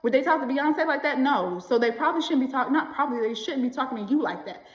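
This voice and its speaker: A woman giving casual motivational talk to camera, animated and slangy, often acting out the voices of people she quotes. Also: high voice, fast, reverberant, rough recording. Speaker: self-help vlogger.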